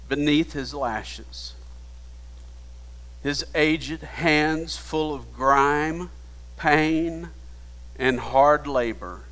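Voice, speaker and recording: Slow-preaching man in a reverberant hall. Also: medium pitch. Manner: slow, hushed retelling rising to emphatic preaching. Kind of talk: sermon storytelling.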